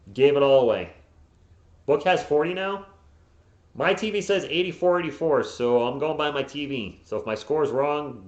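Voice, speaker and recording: Partisan fan calling a game, echoey lo-fi mic. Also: male voice, medium pitch. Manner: partisan, bursts into frustrated yelling at players. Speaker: fan play-by-play streamer. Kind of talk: live play-by-play commentary. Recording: echoey, dull lo-fi home mic.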